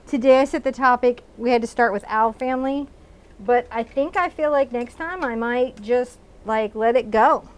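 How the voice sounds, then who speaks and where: A woman's voice: a little high, normal speed. A woman with a Texan accent teaching a live painting lesson in her studio, chatting and narrating each brush step as she paints. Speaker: painting instructor. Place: art studio.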